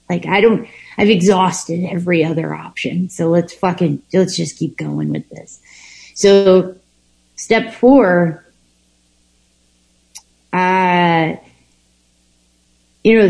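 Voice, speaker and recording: A woman's voice: lowish voice, gravelly, a little mellow, low-quality recording. A woman candidly telling her own recovery story, speaking frankly with lots of swearing and frequent restarts. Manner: halting and frank, heavy swearing, many restarts. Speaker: person sharing a recovery story.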